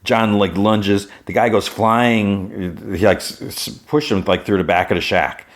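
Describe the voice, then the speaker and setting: A man's voice: lowish voice, steady tone, a little slow. A man hosting a podcast, casually retelling a TV episode in a rambling way full of "like". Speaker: podcast host.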